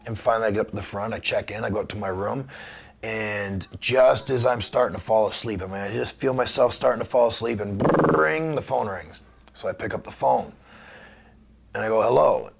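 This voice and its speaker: A middle-aged former wrestler tells stories in an interview, acting out the dialogue with energy. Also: male voice, on the low side, vocal fry. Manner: animated storyteller, acts out dialogue; subdued and halting on somber memories. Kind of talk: conversational storytelling.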